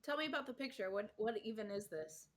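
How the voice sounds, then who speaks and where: A woman's voice: fairly high pitch, quick pace. A woman hosting a casual podcast, listening closely and asking clarifying questions. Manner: attentive, asks clarifying questions. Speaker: podcast host. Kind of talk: casual chat.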